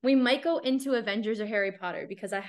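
A woman's voice: fairly high pitch, quick pace. A woman hosting a podcast, talking candidly in a casual chat and leaning on "like" a lot. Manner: chatty, candid, heavy use of "like". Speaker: podcast host.

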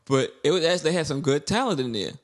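Animated young New man, higher voice. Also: fairly quick. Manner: animated storyteller, slangy, acts out quotes. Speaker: podcast co-host. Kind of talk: casual chat.

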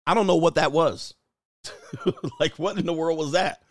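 Give me an animated man with a slightly high voice, chatting on a livestream, recorded dry and close. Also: moderate pace, dry recording. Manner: animated, laughing, swears freely. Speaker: livestream host reading chat. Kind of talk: casual livestream chat.

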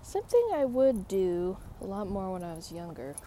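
A woman's voice: mid-range voice, sing-song, moderate pace, dark tone. A woman around thirty, vlogging casually on a walk in a park, with rambling, wry, self-mocking asides. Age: 30s. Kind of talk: casual vlog while walking a dog. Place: outdoor park. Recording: faint outdoor noise.

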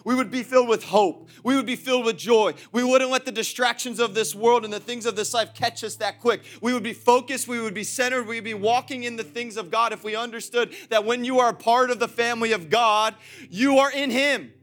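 A man pastor preaching an energetic, repetitive sermon in a church, laughing often. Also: extremely high pitch, fairly quick, soft background music. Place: church auditorium.

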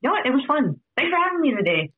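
A man with a notably high voice joins a podcast remotely over a tinny, phone-like line, the sound close and dry. He jokes in a dry, deadpan way. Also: racing, dry recording. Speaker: podcast guest. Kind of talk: casual podcast chat. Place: at home in Canada.

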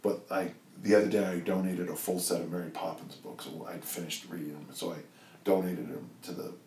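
An older man with a very low voice talks in a loose, rambling way, circling back with "you know" as he tells his stories. He sits back from the mic in an echoey room, with faint ambience behind him. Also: steady tone, fairly quick, gravelly, darkish tone, distant mic, a little hiss or hum. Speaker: strength coach and guest. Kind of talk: casual interview storytelling.

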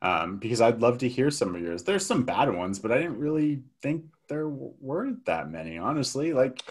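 A man in casual film-review chat who rambles and hesitates, filling gaps with ums and likes. His voice sits at a middling pitch. He talks loosely and unscripted with a friend. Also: very animated, moderate pace, slightly rough. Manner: rambling, hesitant, many fillers and restarts. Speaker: podcast co-host.

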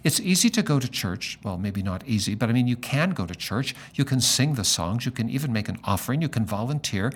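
A man's voice: mid-range voice, expressive, a little fast, few pauses, slightly rough. A middle-aged male pastor talking about faith and telling a personal story, acting out the voices of people he quotes.

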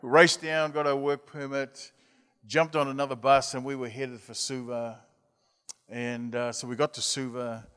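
A man's voice: mid-range voice, flat delivery, moderate pace, fairly bright tone, clean tone. A man preaching as a youth mission leader, telling an anecdote in a chatty way and acting out voices. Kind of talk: storytelling sermon. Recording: long hall reverb.

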